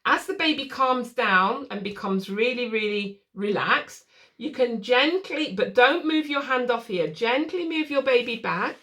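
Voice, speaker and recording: A woman teaching parents a soothing technique for settling a baby, speaking calmly and patiently and demonstrating soft shushing. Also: a little high, measured pace. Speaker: baby sleep consultant. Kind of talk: instructional demonstration. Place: room with a changing mat set up as a crib. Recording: voice from a distance from the mic.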